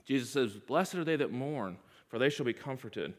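A man preaching a sermon, leading his congregation in call-and-response with emphatic repetition, swinging between loud, raised passages and hushed, low ones. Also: animated, moderate pace. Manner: sweeping pitch and loudness swings between loud highs and hushed lows.

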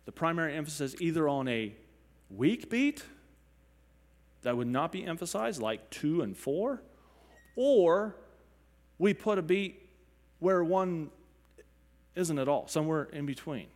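A man teaching music, explaining beats and counting and humming examples aloud as he goes, now and then clearing his throat. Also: fairly high pitch, big pitch swings, measured pace, long pauses, darkish tone. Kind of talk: spoken lecture with sung examples. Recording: long reverb, hall-like.

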